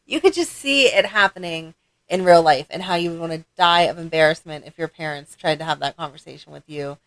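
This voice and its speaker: Middle-aged woman co-host, slightly low voice, steady matter-of-fact recapping. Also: fairly quick. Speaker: podcast co-host. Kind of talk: casual fan podcast chat.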